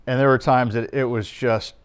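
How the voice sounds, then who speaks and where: A man's voice: medium pitch, steady tone, normal speed, clear, resonant tone. A man telling casual, rambling golf anecdotes with many fillers and laughs. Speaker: golfer and guest. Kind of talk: casual storytelling chat.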